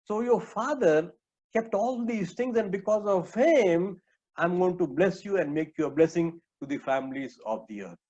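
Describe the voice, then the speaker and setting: A man's voice: high-pitched, expressive, normal speed, darkish tone. A man preaching a sermon, earnestly addressing his listeners as his friends, with frequent hesitations. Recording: dull lo-fi recording.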